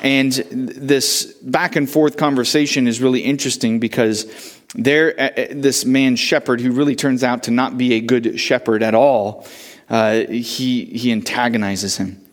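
A man's voice: medium pitch, steady tone, a little slow. A male pastor preaching a sermon, earnest, telling a story with frequent restarts.

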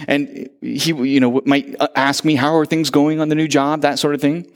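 This man is a pastor delivering a sermon in a fairly high voice at a moderate pace. His storytelling is animated, and he performs each quote as he goes.

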